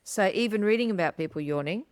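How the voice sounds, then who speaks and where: Clear-voiced woman podcast co-host. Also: medium pitch, fast talker, no room sound. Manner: animated, acts out yawns. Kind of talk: casual chat.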